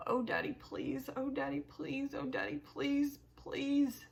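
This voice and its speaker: A woman's voice: on the high side, fairly even intonation, a little slow, fairly bright tone, pitched above the performer's own voice. A woman voicing a frightened teenage boy in an audiobook, pleading in a raised, strained voice. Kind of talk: audiobook character voice.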